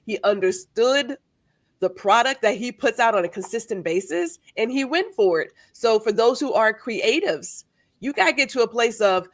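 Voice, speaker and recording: A woman's voice: a little high, animated, normal speed, no room sound. A woman on a talk show speaking earnestly and encouragingly about mindset. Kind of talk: motivational chat.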